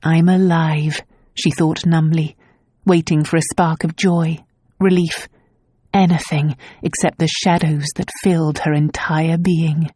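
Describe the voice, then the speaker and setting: Calm, mellow female narrator. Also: deep voice, breathy edge, no room sound, clean studio sound. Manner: calm, measured storytelling. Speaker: audiobook narrator. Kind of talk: scripted narration.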